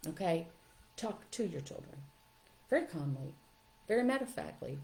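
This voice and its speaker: A woman's voice: sits low, moderate pace, vocal fry, long pauses. An older woman, a parenting educator, talking in a casual, chatty way during a live question-and-answer session. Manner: chatty, animated, laughs often. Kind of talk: live webinar Q&A.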